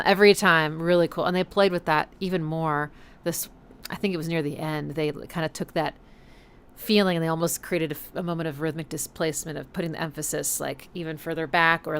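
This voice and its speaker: A woman's voice: lowish voice, a bit bright, slight background noise. A woman hosting a music listening stream, analyzing songs in a rambling, casual way, full of fillers and self-corrections, and humming rhythms to make her point. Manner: hums and scats rhythms to illustrate.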